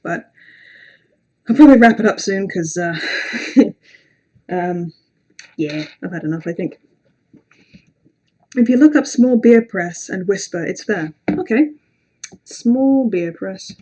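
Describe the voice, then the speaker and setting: A woman's voice: medium pitch, expressive, measured pace, long pauses, mellow, dull audio. A woman hosting a casual livestream, chatting with viewers in a rambling, self-deprecating way with lots of ums and some swearing. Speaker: livestream host.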